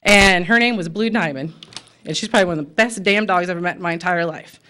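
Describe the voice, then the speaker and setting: A woman's voice: lowish voice, quick pace, bright, forceful tone. An American woman and pet store owner speaking at a city commission meeting, impassioned and emotional, with frequent fillers. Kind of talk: public comment at a city meeting.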